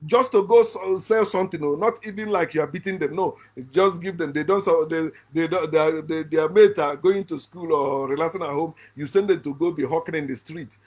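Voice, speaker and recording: The host of a channel, a middle-aged man from Africa, speaks fairly fast with hardly any pauses. His commentary is emphatic, shifting between loud, high outbursts and low muttered asides, with frequent sentence restarts.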